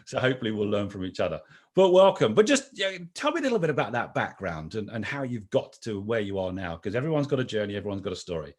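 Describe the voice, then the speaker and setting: A man's voice: on the low side, very animated, fast talker. A man hosting a podcast, welcoming his guest with chatty, teasing banter. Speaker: podcast host. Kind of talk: conversational interview.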